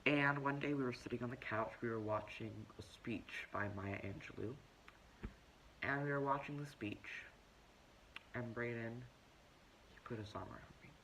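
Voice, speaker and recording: A man's voice: mid-range voice, moderate pace, long pauses, a little hiss or hum, close to an everyday voice, low-quality recording. A man playing a self-righteous, preachy young woman who tells her story in a pompous, lecturing comedic monologue. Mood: indignant. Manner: pompous, lecturing, deadpan self-important delivery.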